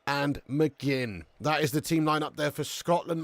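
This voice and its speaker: A brash man hosts a live football watch-along and reads out viewer comments. His banter is loose and full of swearing. His voice sits on the high side, and the recording is dry and close, with no room sound. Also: a little slow, hardly any pauses, no room sound. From England.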